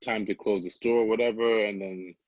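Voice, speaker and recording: A man's voice: fairly low pitch, fairly even intonation, brisk, a little mellow, dry recording, highs cut off. A young man from Antigua, a podcast guest, chatting in an easygoing way with frequent laughs and fillers. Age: young adult. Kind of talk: casual interview chat.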